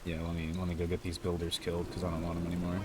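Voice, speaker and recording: A man co-hosting a game livestream, excitable and quick to laugh as he plays. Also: low voice, noisy background. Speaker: co-host playing the game. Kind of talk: casual game livestream chat.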